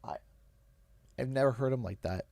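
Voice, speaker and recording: Young canadian guy on stream, choked up and halting, dry close mic. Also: mid-range voice, gravelly, a little mellow, no room sound. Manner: halting, emotional, pausing often. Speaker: livestream host. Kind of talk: emotional storytelling on a game stream.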